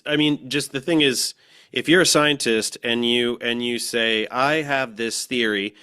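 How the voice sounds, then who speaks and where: A man's voice: medium pitch, fairly even intonation, unhurried, bright, forceful tone, smooth. A man who is a guest in an interview, explaining in a casual, matter-of-fact way with examples. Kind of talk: conversational interview.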